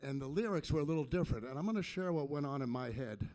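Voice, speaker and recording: A man performing a stand-up comedy set on a club stage, delivering deadpan punchlines into a handheld mic. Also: on the high side, fast talker. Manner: deadpan punchline delivery with sung parody bits.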